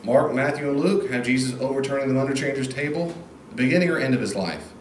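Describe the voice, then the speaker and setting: A man gives an informal Bible lecture to a class, switching into little acted-out voices to make his points. His mid-pitched voice rings around a reverberant room, and a faint background ambience hangs under everything he says. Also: fast talker, a little hiss or hum. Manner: animated, acts out quoted voices. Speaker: Bible teacher.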